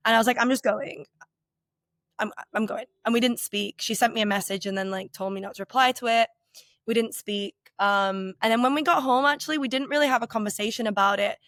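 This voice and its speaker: A woman's voice: on the high side, fast talker, a bit bright, dry recording, studio quality. A woman in her thirties co-hosting a podcast, talking in a candid, rambling and emotionally open way, full of filler words. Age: 30s. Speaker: podcast co-host. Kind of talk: casual reflective conversation.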